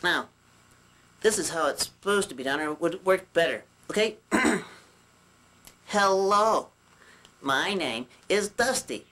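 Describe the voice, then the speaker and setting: A man voicing a chatty male puppet who teaches puppetry with jokes and rambling asides, often clearing his throat. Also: fairly high pitch, fairly bright tone. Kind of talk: puppet demonstration lesson.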